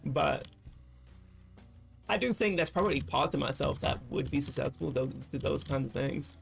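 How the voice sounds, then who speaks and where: A man's voice: a little high, normal speed, gravelly, soft background music. A man streaming while gaming, thinking aloud in loose, rambling casual chat with frequent swearing. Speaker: livestreamer.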